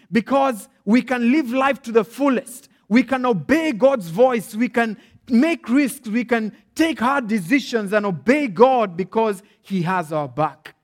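A Kenyan man preaching an animated storytelling sermon who keeps checking in with his listeners. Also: high voice. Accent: Kenyan English. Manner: animated, checks in often with "all right?".

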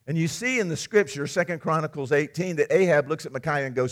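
A man preaching a sermon, retelling a scripture story in a conversational, animated way. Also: a little high, brisk, hardly any pauses.

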